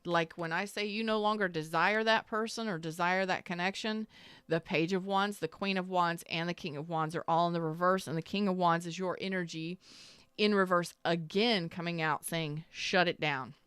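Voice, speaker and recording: A woman's voice: on the low side, steady tone, moderate pace, a bit bright, clean tone, dry recording. A woman doing a casual tarot reading to camera, blunt and sassy, acting out what the listener might be thinking. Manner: blunt, sassy, emphatic, acts out the listener's inner voice. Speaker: tarot reader.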